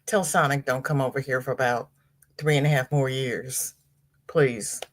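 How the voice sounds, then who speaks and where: A woman hosting a casual livestream, greeting chat viewers by name in sing-song hellos and jumping to high exclamations. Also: moderate pace, slight background noise. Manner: chatty and animated, with sudden high exclamations. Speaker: livestream host.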